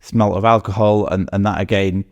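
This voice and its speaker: A man hosting an interview, asking measured questions and summarizing what his guest says. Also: lowish voice, fairly even intonation, dull audio. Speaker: interviewer, host.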